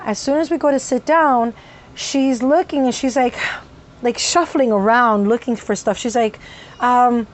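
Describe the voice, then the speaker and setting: A woman's voice: medium pitch, darkish tone. A woman telling a personal story in casual storytime style, rambling with many fillers and sudden vocal tics.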